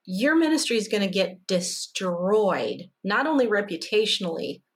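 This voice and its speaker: A woman's voice: mid-range voice, very animated, moderate pace. Host, female, frank and firm, conversational. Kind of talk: conversational interview.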